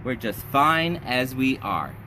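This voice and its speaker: Storybook little frog brother, fed up with his siblings, lively voice, read by a man. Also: high voice, fast, noisy background, voice pushed up.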